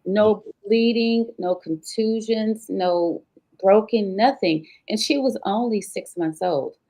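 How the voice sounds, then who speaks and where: A woman's voice: mid-range voice, takes it slowly, warm tone. A woman guest on an interview show, telling a painful personal story vividly and acting out the dialogue.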